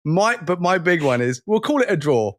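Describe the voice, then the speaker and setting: High-voiced and sing-song, a man in his forties chats casually as a podcast co-host, wandering off topic, joking at his own expense, laughing readily, and quoting lines.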